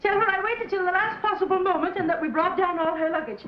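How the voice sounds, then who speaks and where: An actress playing a fussy, bossy spinster friend in a 1940s film, scolding and flustered. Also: female voice, very high-pitched, quick pace, lo-fi sound. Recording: echoey, noisy old film soundtrack.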